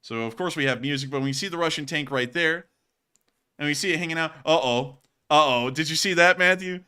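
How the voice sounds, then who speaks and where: A man hosting casual commentary on war footage, joking and excitable and quick to laugh. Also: fairly high pitch, clean tone, faint music behind. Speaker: host.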